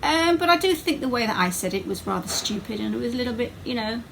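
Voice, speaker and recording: Woman, sarcastic mocking monologue, gravelly, faint background noise. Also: a little high, lively intonation, fast. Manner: sarcastic, mocking, talks straight to her critic. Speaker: YouTuber answering critics. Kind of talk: casual video monologue.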